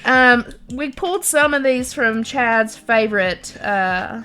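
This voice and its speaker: A woman's voice: on the high side, expressive, sharp tone, clean tone. A young woman with an Appalachian accent, chatting casually and explaining local words. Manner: unhurried, explaining dialect words. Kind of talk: casual chat.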